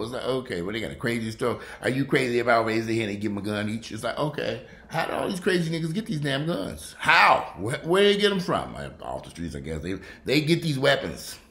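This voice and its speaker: A man's voice: mid-range voice, sing-song, brisk, a bit bright. A man vlogging from home in casual commentary, blunt and profane. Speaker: vlogger commenting on a news story.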